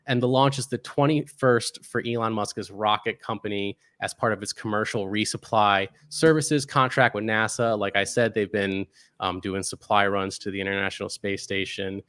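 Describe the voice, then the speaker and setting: A man's voice: lowish voice, fairly bright tone, no room sound. A man hosting a casual science news show, reading from articles with many fillers and restarts. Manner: hesitant, many fillers, reads out article text. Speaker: podcast host.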